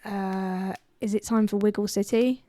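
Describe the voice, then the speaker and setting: A woman's voice: mid-range voice, steady tone, unhurried, mellow. A woman streaming a game, chatting casually, giggling and reading chat aloud, her voice a little worn. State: voice a bit worn.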